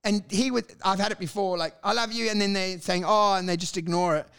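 A man, a stand-up comic co-hosting a casual podcast, telling animated, swearing stories and acting out the lines he says on stage. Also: sits high, fast, clear, resonant tone. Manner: animated, swearing storyteller who acts out his stage lines. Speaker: stand-up comedian and podcast co-host.

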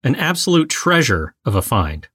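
A man's voice: mid-range voice, sing-song, normal speed, fairly bright tone, slightly rough, no echo. A man co-hosting a podcast in casual chat, playful and full of jokey asides. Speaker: podcast co-host.

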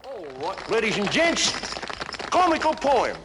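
A man's voice: high voice, very animated, a little slow. An actor playing a cheery young male street performer with a put-on Cockney accent and boisterous, showy patter. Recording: film audio with loud music behind.

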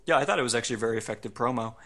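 A man hosting a podcast, recapping events casually in an amused, relaxed way. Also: mid-range voice, rapid-fire. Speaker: podcast host. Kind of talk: casual wrestling recap chat.

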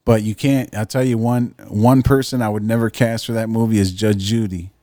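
A man's voice: lowish voice, steady tone, moderate pace, warm tone, no room sound, studio quality. A man co-hosting a podcast, joking and swearing in rambling casual chat. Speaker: podcast co-host.

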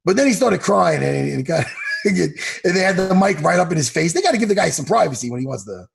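Animated gravelly New man. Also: high voice, fast talker, a little hiss or hum. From Long Island, New York. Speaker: podcast co-host. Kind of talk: casual chat. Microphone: video call.

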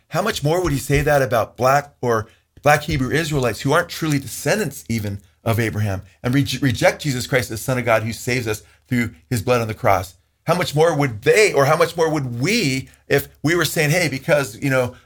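An earnest man teaches from the Bible in a conversational voice of ordinary pitch. He quotes scripture at length, leans hard on his points and sometimes restarts a phrase as he goes. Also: a bit bright.

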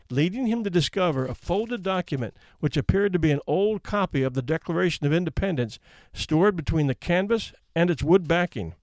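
A man's voice: on the high side, no echo, clean studio sound. Wry man reading stories aloud. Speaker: storyteller reading anecdotes. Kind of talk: casual read-aloud narration.

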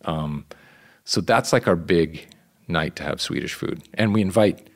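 A man's voice: low voice, a little slow, vocal fry. A man talking as a guest in a casual chat, telling stories in a chatty way with playful bursts of energy.

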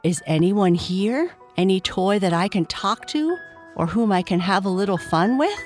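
A woman's voice: medium pitch, animated, normal speed, darkish tone, soft background music, close to an everyday voice. A woman voicing a curious young male rocking horse toy in a children's story. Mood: wondering.

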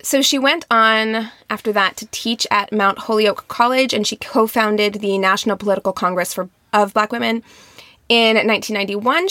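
A woman's voice: medium pitch, pushed and bright, dry recording. A young woman co-hosting a podcast, chatting casually with lots of "like" and restarts. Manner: chatty, many likes and restarts. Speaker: podcast co-host.

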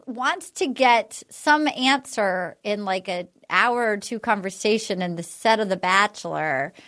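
A woman's voice: mid-range voice, expressive, a little slow, fairly bright tone. A woman hosting a casual podcast, retelling a scene in a rambling way with many fillers. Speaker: podcast host. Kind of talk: casual recap chat.

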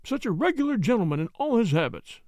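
A man's voice: sits high, very animated, fast talker, a little mellow, dry recording, voice pushed up. A man doing a stammering, nervous butler. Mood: pleading. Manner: stammering, pleading, deferential. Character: anxious, cringing middle-aged English butler. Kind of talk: audiobook character voice.

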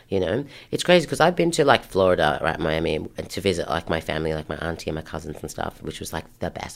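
A woman chatting as an interview guest, telling stories with lively acted-out voices. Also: very deep voice, creaky. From Australia, of Haitian parents. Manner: lively storyteller who acts out voices. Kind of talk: casual interview chat.

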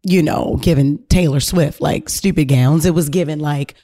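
A woman hosting a podcast, telling a story in a casual, animated way, full of slang and swearing and talking straight to her listeners. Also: low voice, normal speed. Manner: animated, slangy and profane, addressing listeners directly. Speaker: podcast host.

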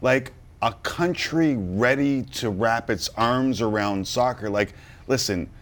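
Man, sports show host, animated, conversational, lots of "like", medium pitch. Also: slow. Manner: animated, says "like" often, conversational. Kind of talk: studio panel discussion.

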